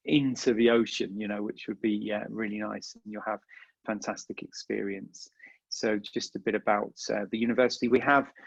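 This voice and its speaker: Presenting a virtual info session about a university, this English recruiter chats casually, repeats himself, and fills gaps with plenty of ums and uhs. He has a gravelly, mid-range voice. The video call audio is dull and lo-fi, with no room sound.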